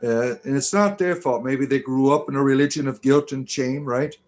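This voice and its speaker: An older man in Ireland, playing a comedic spiritual character, rambles through mock-spiritual replies to comments. His mid-range voice is halting and interrupted by chuckles, with an irreverent deadpan manner and faint music in the background.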